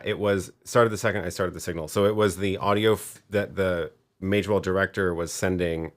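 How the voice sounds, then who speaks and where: Low-voiced man thinking aloud on a livestream. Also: fairly bright tone. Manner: thinking aloud, trailing off with restarts. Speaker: livestream host demoing video gear. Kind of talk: casual live tech demo.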